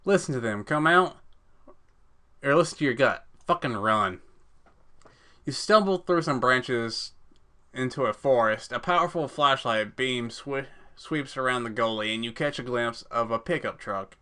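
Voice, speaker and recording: A man's voice: medium pitch, unhurried, sharp tone. A man reading a text adventure game aloud, mixing dramatic narration with swearing and joking asides. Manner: reads narration in a dramatic voice, swears and cracks jokes between passages. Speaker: let's play gamer.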